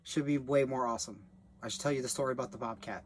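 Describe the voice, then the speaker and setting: A man's voice: mid-range voice, fairly even intonation, fast, slight background noise. A young man rambling in a loose, profane way as he reviews a film he worked on as a background actor. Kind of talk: rambling casual monologue.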